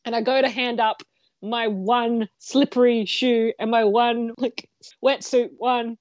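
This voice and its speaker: A woman co-hosting a podcast, telling a story in a casual, animated way, laughing often and swearing freely. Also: a little high, measured pace, dry recording, lo-fi sound. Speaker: podcast co-host.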